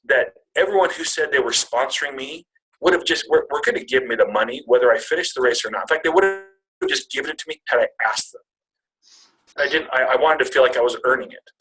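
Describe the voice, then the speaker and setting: Bright-voiced man telling a story on stage. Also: mid-range voice, poor audio. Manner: animated, conversational, addresses audience as "you guys". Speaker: motivational speaker at a business retreat. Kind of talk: personal storytelling to a live audience.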